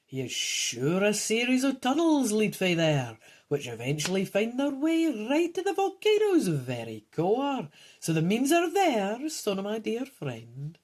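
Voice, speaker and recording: A woman's voice: medium pitch, wildly swooping pitch, a little slow, a little mellow, pitched above the performer's own voice. A woman voicing an old man who begs a hero to take on a quest, reading aloud from a gamebook. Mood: imploring.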